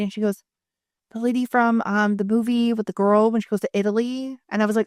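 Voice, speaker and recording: A woman in her thirties co-hosting a podcast in casual chat, telling lively stories, playing other people's lines and laughing as she goes. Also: mid-range voice, fairly quick, smooth, no echo, studio quality. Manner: animated storytelling, acting out others with laughs and swearing. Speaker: podcast co-host.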